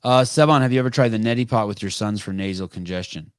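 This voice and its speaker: Low-voiced man rambling through a story. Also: fast, smooth, no echo, studio quality. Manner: rambling storytelling with self-corrections and asides. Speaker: podcast host. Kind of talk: casual live call-in chat.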